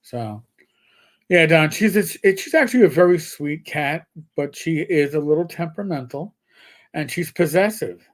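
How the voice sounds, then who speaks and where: A man's voice: on the high side, animated, moderate pace. A man, co-hosting a casual live stream and telling rambling stories with casual swearing. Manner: rambling storyteller, swears casually, imitates his cat. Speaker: co-host of a gaming health live stream. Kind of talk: casual chat.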